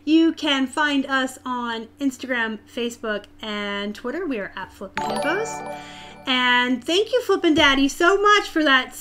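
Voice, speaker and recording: A woman from Arizona with a light Southern US lilt hosts a relaxed live stream. She chats straight to her viewers and answers their comments as they come in, in a fairly high voice. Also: unhurried, over music. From Tucson, Arizona, US. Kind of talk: casual live-stream chat.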